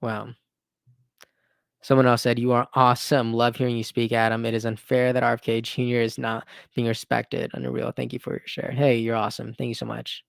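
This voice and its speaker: A man's voice: mid-range voice, completely flat delivery, brisk, vocal fry, no echo, studio quality. A man in his thirties hosting a casual live stream and answering viewer questions, earnest and enthusiastic, often restarting phrases and adding "right?". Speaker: livestream host.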